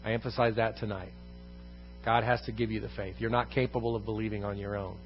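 A man's voice: lowish voice, level tone, fast talker, dull audio, faint music behind. A man teaching a congregation in an evening Bible lesson, repeating key phrases for emphasis and putting questions to the room. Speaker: pastor. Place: church room.

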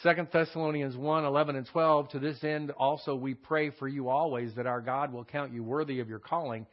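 A man gives a verse-by-verse Bible lesson, talking plainly and conversationally between the passages he reads out. He leans hard on key words when he quotes scripture. His voice sits at a middle pitch, and the audio sounds dull and lo-fi. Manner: conversational, reads scripture aloud with added emphasis. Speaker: Bible teacher.

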